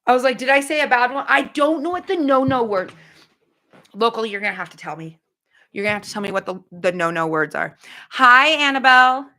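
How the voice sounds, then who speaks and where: A woman hosting a casual livestream, chatting bluntly with viewers, with quick asides and no filter. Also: fairly high pitch, animated, pushed and bright. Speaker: livestream host.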